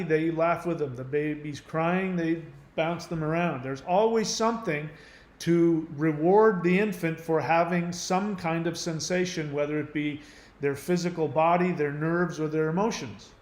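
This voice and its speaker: A man's voice: fairly high pitch, normal speed. A man hosting his channel, explaining in an earnest, emphatic monologue. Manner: earnest, emphatic, acts out quoted voices. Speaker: channel host. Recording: roomy echo.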